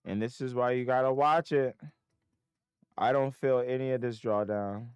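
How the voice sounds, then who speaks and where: A man's voice: medium pitch, steady tone, moderate pace, clear, resonant tone, no echo. A man streaming live market trades, muttering to himself and breaking into frustrated, swearing outbursts. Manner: self-critical, talking to himself.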